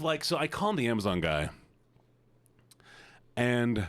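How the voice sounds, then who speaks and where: A man on a live stream talks straight to his chat and tells stories with a lively, swinging pitch. His voice sits at a middle pitch, and he is recorded close on a desk mic in a dry, dead room. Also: unhurried, long pauses, no echo. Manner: animated storyteller, talks to chat.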